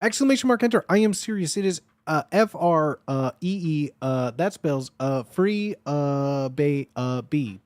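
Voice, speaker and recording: With a fairly high voice, a young man rambles easily through his livestream chat at a measured pace, barely pausing, often excited and swearing freely. The recording is close-miked and dry, with no echo.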